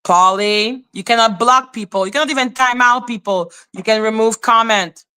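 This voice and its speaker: A woman's voice: on the high side, normal speed, bright, forceful tone, smooth. A woman hosting a live stream, talking to her chat in a confrontational, scolding way. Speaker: livestream host.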